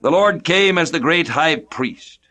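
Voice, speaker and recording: A middle-aged man from the United States delivers a radio sermon. His delivery is formal and measured, with a steady preaching cadence, and his voice sits fairly high.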